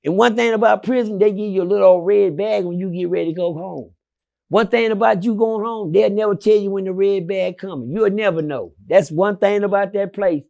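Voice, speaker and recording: High, gravelly-voiced storyteller man. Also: a little fast. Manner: swinging from loud shouts to low murmurs, profane. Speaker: interview guest. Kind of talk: animated storytelling.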